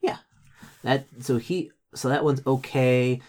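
A man's voice: mid-range voice, takes it slowly, a little mellow. A man narrating a tabletop game as its game master. His talk rambles, full of fillers and restarts, and he laughs often as he describes what happens. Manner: rambling, lots of likes and restarts, laughs a lot.

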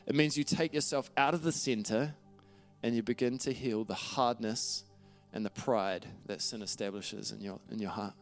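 A man's voice: on the low side, steady tone, normal speed, faint music behind. A man preaching a sermon in an earnest, conversational way, reading scripture aloud and often restarting his phrases. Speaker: pastor.

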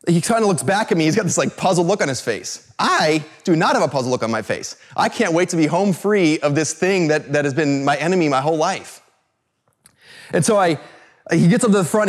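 A man from California telling a personal story to an audience, animated, with many fillers and restarts. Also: fairly high pitch. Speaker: speaker.

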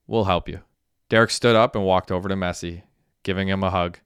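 A man narrating an audiobook in a steady, even reading. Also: deep voice, fast, clean tone, dry recording, clean studio sound. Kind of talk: scripted narration.

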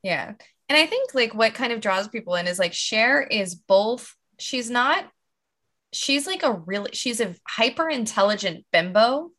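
A woman talks through a casual chat in a bright, forceful voice pitched a little high. She rambles, restarts her sentences and keeps saying "like". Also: lively intonation, measured pace. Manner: rambling, heavy use of "like", restarts.

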